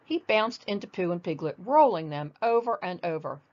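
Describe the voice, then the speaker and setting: An older woman reading a children's storybook aloud in a gentle, expressive manner. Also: fairly low pitch, moderate pace, dull audio.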